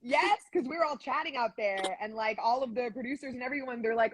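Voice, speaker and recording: A young woman being interviewed as a guest, telling stories in a chatty, animated way with lots of fillers. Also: a little high, quick pace, crowd noise. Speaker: voice actress guest. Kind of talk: casual live-stream interview.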